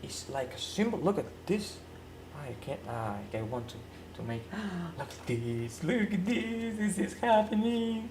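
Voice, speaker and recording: A woman's voice: on the low side, sing-song, unhurried, background noise. Rambling woman arguing with herself. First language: Spanish. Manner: acts out both sides of an imagined argument, repeating phrases; searches for words in non-native English. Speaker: livestreamer. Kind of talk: rambling live-stream monologue.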